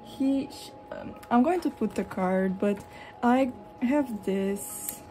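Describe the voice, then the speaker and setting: A young woman from Europe chatting casually at home while showing her collection, rambling and expressive, slipping into animated retellings. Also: fairly high pitch, slow, a little hiss or hum. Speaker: vlogger. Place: hot room at home with a fan running.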